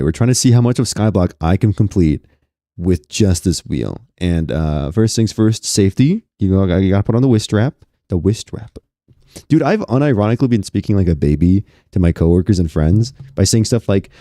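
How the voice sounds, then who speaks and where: A young man chatting to his viewers while playing a game on stream, excitable and laughing often. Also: low voice, no room sound, clean studio sound. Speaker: gaming streamer. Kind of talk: casual gaming stream commentary.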